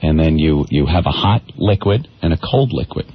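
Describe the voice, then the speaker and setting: A man's voice: a bass voice, animated, moderate pace, breathy edge. A male radio co-host chatting crudely and laughing through casual banter. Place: radio studio. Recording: dull lo-fi radio broadcast with faint noise.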